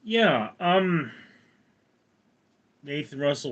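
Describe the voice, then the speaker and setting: A man's voice: fairly high pitch, lively intonation, takes it slowly. A man in his forties hosting a live stream, reading out viewer comments and rambling in reply. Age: 40s. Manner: rambling, reads viewer comments aloud and answers them. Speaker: livestream host.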